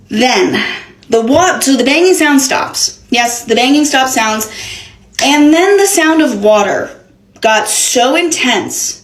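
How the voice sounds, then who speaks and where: A young woman with a slightly high voice recounts a chaotic personal story. She talks casually and dramatically, with plenty of swearing. The sound has a roomy echo. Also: measured pace. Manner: animated, profane, dramatic retelling. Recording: echoey room.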